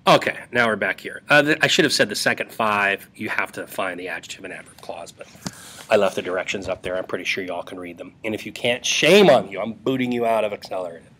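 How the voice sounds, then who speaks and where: A man's voice: lowish voice, fast talker, sharp tone. A male English teacher giving a casual, joking lesson to students over a screen recording. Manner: playful and jokey, talking to students.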